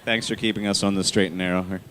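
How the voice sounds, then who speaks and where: A man's voice: low voice, little pitch movement, fast talker, fairly bright tone, slight background noise. A man on a convention panel, joking and chiming in with quips. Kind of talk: casual chat.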